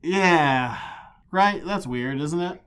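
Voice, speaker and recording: A man's voice: on the high side, takes it slowly, fairly bright tone, clean tone. A man co-hosting a podcast, recapping comics in casual chat with wry, sarcastic asides. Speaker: podcast co-host.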